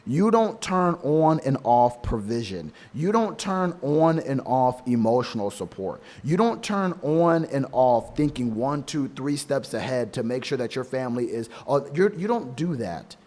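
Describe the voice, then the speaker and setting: A man's voice: mid-range voice, big pitch swings, a little slow, hardly any pauses, a little mellow. A man giving emphatic, repetitive dating advice to other men in a casual, slangy monologue. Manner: emphatic, preachy, repeats for stress; casual slang, addresses listener as bro. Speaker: men's dating coach.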